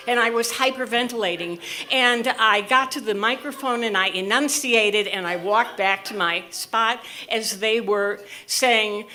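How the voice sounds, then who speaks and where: A woman in her sixties from the US Midwest, telling a comic personal story with animated delivery and careful enunciation. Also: on the high side, measured pace, few pauses, a little hiss or hum. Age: 60s. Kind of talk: live storytelling.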